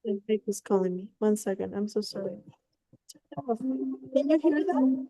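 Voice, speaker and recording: On a video call, a woman tutors one student in Spanish, shifting between English and Spanish as she explains in a casual, encouraging way. Her voice is mid-range, expressive, and dark-toned at a measured pace, and she laughs easily and swears offhand.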